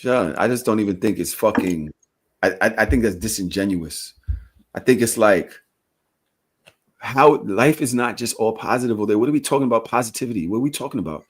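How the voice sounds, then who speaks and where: Animated, teasing man, podcast co-host. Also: on the low side, fairly quick, breathy edge. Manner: animated, teasing, loud bursts. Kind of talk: casual chat.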